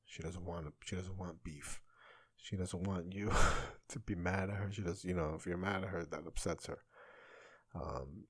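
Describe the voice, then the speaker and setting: A middle-aged man talks through a solo podcast in a very low, husky voice. He rambles candidly and swears freely, and the recording is dry and close. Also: fairly even intonation, moderate pace, no room sound. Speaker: podcast host. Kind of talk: casual solo podcast monologue.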